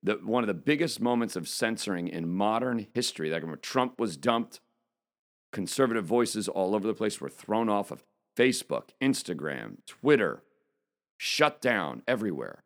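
A man's voice: lowish voice, lively intonation, normal speed. A man giving an indignant opinion monologue as a political commentator, speaking emphatically. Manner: emphatic, indignant, reads quotes aloud.

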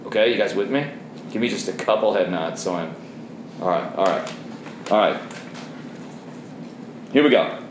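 A middle-aged man leading a men's Bible study in an intense, zealous way, shifting between soft asides and forceful readings. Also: sits low, expressive, normal speed, pauses often. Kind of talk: teaching a Bible study to a group of men. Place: roomy room with a seated group. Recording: roomy echo, faint background noise.

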